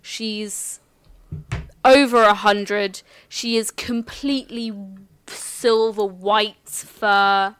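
A woman acting as game master, calmly explaining the characters and rules of a tabletop game with some restarts. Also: medium pitch, drawn-out words, slight background noise.

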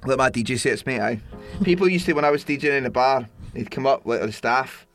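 A man's voice: mid-range voice, brisk, a bit bright. Man, casual podcast chat, joking, swearing, faint music behind. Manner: swearing, jokey, laughing. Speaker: podcast co-host.

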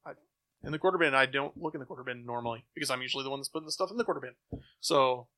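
A man's voice: mid-range voice, rapid-fire. A man co-hosting a casual chat, animatedly retelling comic stories and acting out the characters' lines. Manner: animated storyteller, acts out quotes. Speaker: comic book podcast co-host.

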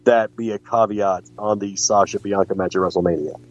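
A man's voice: fairly low pitch, steady tone, brisk, lo-fi sound. A man co-hosting a wrestling podcast, chatting casually with jokes, restarts and giggles. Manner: joking, rambling with restarts and giggles. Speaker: podcast co-host.

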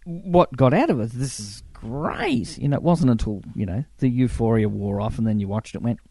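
A middle-aged man spins animated anecdotes, acting out the people he quotes. His voice sits mellow and dark, and the recording is dry and close. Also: mid-range voice, normal speed, vocal fry, no room sound. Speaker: film crew member, guest. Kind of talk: casual interview storytelling.

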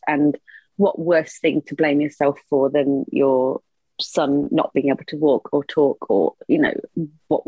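A woman's voice: deep voice, a little mellow, no room sound, low-quality recording. A woman, a mother, telling a personal story as a podcast guest, earnest and open with a light laugh at times. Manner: earnest, open and emotional, laughs a little through hard memories.

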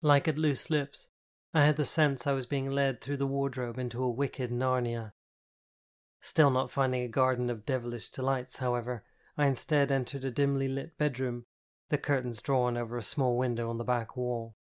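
Guy reading a novel out loud, steady measured pace, medium-pitched voice. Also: smooth. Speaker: audiobook narrator. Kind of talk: scripted first-person novel narration.

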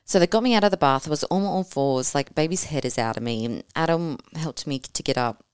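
A woman telling her birth story as a podcast guest, animated and casual, swearing freely and acting out what she said at the time. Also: sits low, a little fast, clean tone, dry recording, studio quality. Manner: animated, swears casually, acts out her own past words.

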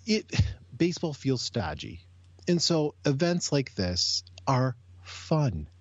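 Brief: male podcast co-host, animated and jokey, husky, dry close mic. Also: medium pitch, slow, dry recording, lo-fi sound. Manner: animated, jokey, trails off mid-sentence. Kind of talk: casual chat.

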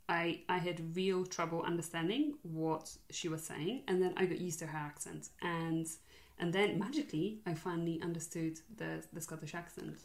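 Young woman chatting, kinda low voice, hesitant and earnest, laughs a lot. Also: fairly bright tone. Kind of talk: casual chat.

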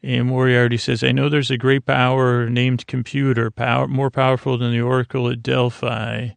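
Man, podcast host, sleepy recap, monotone, gravelly, dry close sound, rambling. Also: mid-range voice, moderate pace, no echo. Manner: rambling retelling with many fillers.

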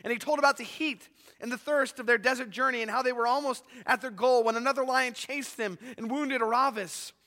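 A male pastor preaching a sermon and reading a story aloud in a dramatic, animated way. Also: very high voice, fairly quick, hardly any pauses, big-room sound.

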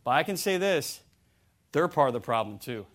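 A man preaching a sermon in an animated way, often stammering and restarting, and acting out the voices of the people he quotes. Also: medium pitch, moderate pace.

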